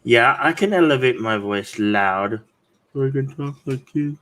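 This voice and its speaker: A man's voice: mid-range voice, animated, a little slow, a bit bright. A man hosting a casual chat, playful and goofy, slipping into silly voices and quotes. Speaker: stream host.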